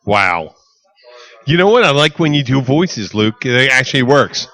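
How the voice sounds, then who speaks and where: A man co-hosting a casual podcast, riffing and swearing in an animated way. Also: mid-range voice. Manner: animated, swearing, quick to riff. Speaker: podcast co-host. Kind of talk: casual chat.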